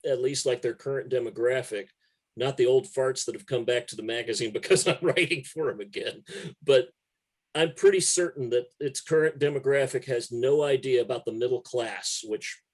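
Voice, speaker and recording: A man's voice: medium pitch, normal speed. A man, a music writer guest telling stories in a casual, profane and emphatic way. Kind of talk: casual conversation.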